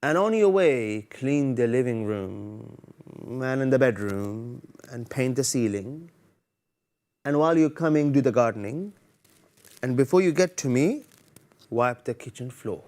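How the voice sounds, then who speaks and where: A man's voice: mid-range voice, expressive, unhurried, darkish tone. A man voicing a bossy mother who piles chores on her child, in a demanding tone. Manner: demanding, listing orders.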